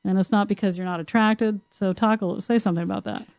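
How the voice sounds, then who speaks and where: A woman's voice: medium pitch, fairly even intonation, fast, darkish tone, no room sound. A woman co-hosting a podcast who talks frankly and laughs often in casual conversation. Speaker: podcast co-host, tantra teacher.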